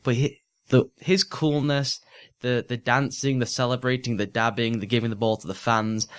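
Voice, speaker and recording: A man's voice: medium pitch, steady tone, moderate pace, smooth. A man co-hosting a sports podcast, breaking down games in fluent, analytical casual chat with frequent restarts. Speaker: podcast co-host.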